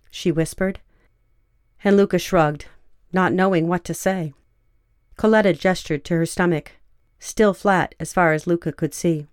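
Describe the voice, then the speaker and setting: A woman narrating a fiction story in a measured, even storytelling way. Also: lowish voice, smooth, no room sound, studio quality.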